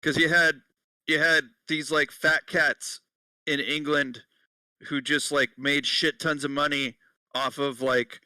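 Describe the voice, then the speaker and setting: A man's voice: on the high side, little pitch movement, takes it slowly, no room sound, far from the mic, rough recording. A man co-hosting a casual podcast, laughing often and swearing while he reads out notes. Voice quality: bright, laughing, profane. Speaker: podcast co-host. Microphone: headset.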